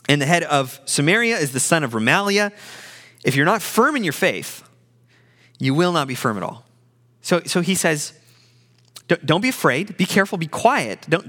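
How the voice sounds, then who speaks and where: Man, sermon, high voice, bright tone, animated delivery, repeats words. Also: big-room sound. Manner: animated, repeats words while speaking, acts out quoted lines. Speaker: pastor.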